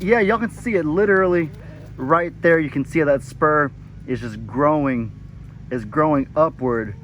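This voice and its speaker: Outdoors on his farm, a man with a mid-range voice chats casually to his vlog viewers, calling them "y'all" in a laid-back way. There's a little hiss or hum in the audio.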